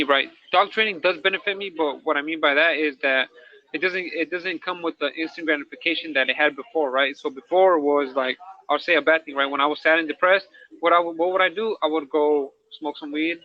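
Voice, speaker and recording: A man co-hosting a candid casual talk show, rambling in slang and checking in with "right?" as he goes, recorded with dull lo-fi sound. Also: fairly high pitch. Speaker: podcast co-host, incarcerated dog trainer.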